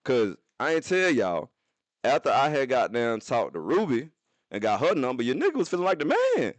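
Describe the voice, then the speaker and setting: A young man streaming from his phone, telling a profane story to his chat in an animated way, with sudden jumps into high voices. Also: normal speed, no room sound.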